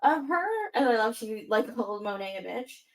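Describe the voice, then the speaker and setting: A woman in casual chat, rambling and full of restarts. Her voice sits a bit higher than most women's. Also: lively intonation, moderate pace, roomy sound, low-quality recording. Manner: chatty, rambling, with many restarts and fillers. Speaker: podcast co-host.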